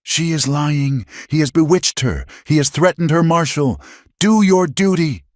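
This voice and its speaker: A man voicing Finch, a frantic, shrill western villain who shrieks his accusations. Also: a little slow, no echo, clean studio sound, close to an everyday voice. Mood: shrieking.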